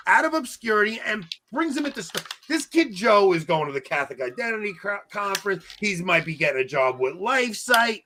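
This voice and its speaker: A man in his forties, loud and excitable, co-hosting a casual podcast chat. His voice is bright and sharp, a little high for a man, and it leaps up and down as he jokes and rants. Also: a little fast, few pauses, a little hiss or hum. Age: 40s. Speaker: podcast co-host.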